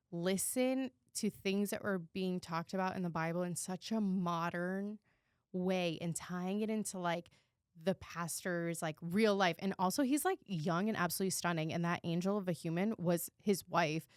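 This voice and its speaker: A woman co-hosts a casual podcast and tells a personal story in an animated, candid way, swearing freely. Her voice sits on the lower side and sounds smooth. The sound is close and dry, with no room echo. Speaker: podcast co-host.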